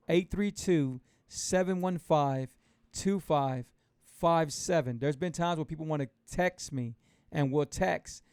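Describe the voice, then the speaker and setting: A middle-aged man, hosting his own live show as a keto coach. He talks loosely and fervently, repeating himself as he pitches to viewers. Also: creaky, no room sound, clean studio sound. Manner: loose and conversational, many restarts. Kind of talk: live-stream talk to viewers.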